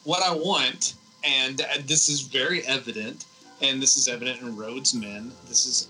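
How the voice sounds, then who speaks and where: A man's voice: medium pitch, steady tone, moderate pace, bright, forceful tone, breathy edge, faint music behind, rough recording. A man talking casually about films in a blunt, profane, ranting way. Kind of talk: casual film discussion.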